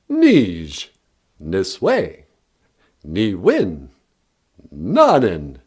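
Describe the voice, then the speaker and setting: A man's voice: a little high, breathy edge, voice pushed up, full character voice. A man voicing a courtly vampire count with a put-on Transylvanian accent and stagey laughter. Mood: triumphant. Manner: grand, stagey, bursts of "ah, ah, ah" laughter. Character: theatrical counting vampire, male, adult, courtly.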